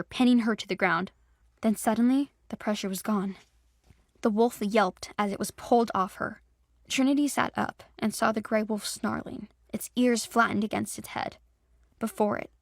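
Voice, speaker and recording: Gravelly-voiced woman narrating an audio drama. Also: medium pitch, dry recording, studio quality. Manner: dramatic storytelling.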